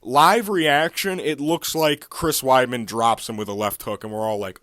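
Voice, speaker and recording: A man's voice: medium pitch, moderate pace, few pauses, fairly bright tone, no room sound, studio quality. A man hosting a casual fight recap monologue, talking in a heated, profane, ranting way. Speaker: MMA recap channel host.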